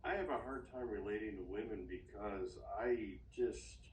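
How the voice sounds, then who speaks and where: A man talking in a therapy session, halting and rambling with frequent restarts, recorded from a distance in an echoey room. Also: lowish voice, a little mellow, slight background noise. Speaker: therapy client. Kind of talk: casual session talk. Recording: echoey room, distant mic, faint ambience.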